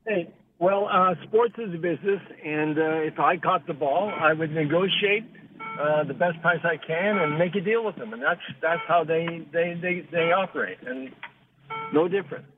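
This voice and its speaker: A man calling in to a radio show, speaking in a halting, hesitant way. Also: a little high. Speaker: caller. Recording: tinny phone line with music behind.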